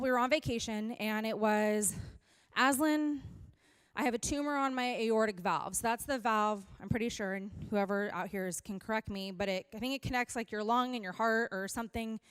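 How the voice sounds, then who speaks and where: A young woman speaking as a youth pastor, giving an earnest and animated sermon that moves from scripture into a candid personal story. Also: a little high, clean tone, no echo. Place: church hall.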